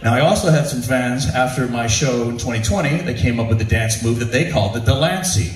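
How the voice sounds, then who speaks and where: A man's voice: medium pitch, brisk, some chatter behind. A man telling comic stories to a live audience, laughing often and acting out the voices of people in his stories. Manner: animated, laughs often, acts out quotes. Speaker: comedic storyteller presenting his own show. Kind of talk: stand-up storytelling to a live audience. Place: ship's show venue. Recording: roomy hall, distant mic, faint ambience.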